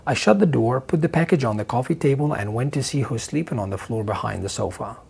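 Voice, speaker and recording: A man narrating a dramatic first-person story with a husky voice and expressive delivery. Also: medium pitch, fast talker.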